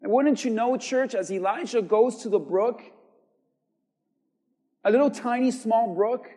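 A man preaching a sermon as pastor, swinging from quiet, measured lines to shouted emphasis. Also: very high-pitched, big-room sound. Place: church.

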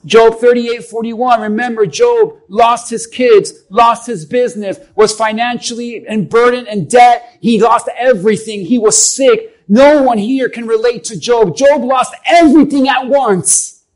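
A man's voice: very high voice, fairly even intonation, measured pace, poor audio. A man preaching a sermon as a pastor, emphatic and calling on the congregation to respond.

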